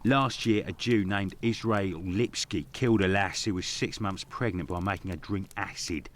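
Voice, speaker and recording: A man's voice: low voice, moderate pace, slight background noise, close to an everyday voice. An actor playing a blunt, gossipy working-class barman in a video game. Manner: blunt, gossipy, rough-spoken.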